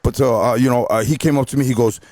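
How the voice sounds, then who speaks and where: A man from Chicago tells a long story on a casual podcast. He is animated and swears a lot, and his mid-pitched voice sits dry and close to the mic with no room sound. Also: fast talker, no echo. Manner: animated, profane, lots of "bro" and "you know". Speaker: DJ guest.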